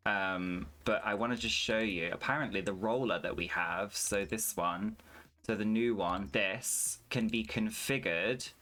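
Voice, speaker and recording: A man's voice: on the low side, measured pace, pushed and bright. A young man streaming a farming game, chatting casually and swearing freely while he rants. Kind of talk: casual gameplay commentary.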